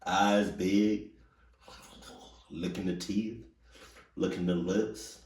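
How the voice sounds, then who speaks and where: Low-voiced guy reacting to stuff, keeps asking you know what i mean, roomy sound. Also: drawn-out words, recorded from a distance. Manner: animated, repetitive, rhetorical questions. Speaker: reaction video host. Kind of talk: casual reaction commentary.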